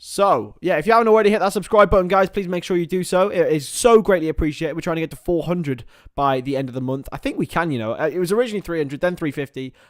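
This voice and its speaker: A young man calling a live match for his stream, voice sitting a touch high and rising sharply when play gets close to goal. The sound is close and dry, with no room around it, and he slips into mumbled asides full of ums between the action. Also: fast talker, few pauses, no room sound. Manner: excitable play-by-play, drops to mumbled asides with fillers. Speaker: watchalong host and commentator. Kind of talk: live match commentary with chat.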